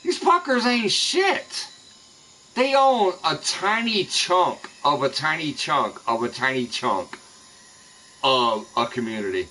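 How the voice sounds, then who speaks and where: Expressive and a touch slow, this man's mid-range voice comes across bright and forceful, though the recording is low quality with a faint hiss or hum. He rants angrily and with plenty of swearing during a live stream from his home in the Midwest, targeting people he says tell lies about him.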